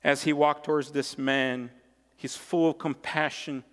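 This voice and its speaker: A man's voice: fairly high pitch, flat delivery, measured pace, a bit bright. A male pastor delivering a sermon with emphatic, repeated phrases. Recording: long reverb of a large hall.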